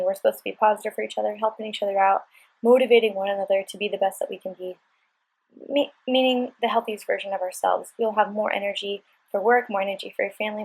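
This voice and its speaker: Breathy upbeat woman coaching a workout. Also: medium pitch, darkish tone, rough recording. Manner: upbeat, chatty, encouraging. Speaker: fitness instructor. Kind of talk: workout instruction voice-over.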